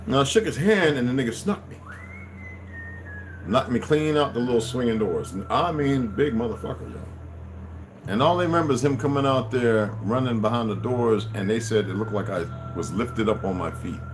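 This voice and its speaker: A middle-aged man telling a rambling, profane story that turns into a loud rant. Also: medium pitch, expressive, normal speed, a little hiss or hum. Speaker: channel host telling stories.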